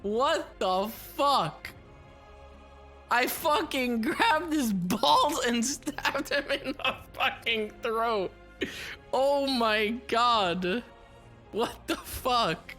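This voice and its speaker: A woman's voice: fairly high pitch, expressive, extremely slow, fairly bright tone, faint music behind. A woman streamer reading a text adventure aloud and reacting with frequent laughter, swearing and disbelief. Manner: giggly, swears a lot, incredulous reactions.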